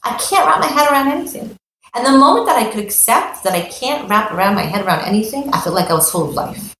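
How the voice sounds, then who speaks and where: Animated american woman teaching, lively higher voice, echoey room, faint background hum. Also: quick pace. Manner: animated, acts out quoted parents; mixes Hebrew terms into English. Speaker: Torah teacher. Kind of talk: spoken Torah lesson.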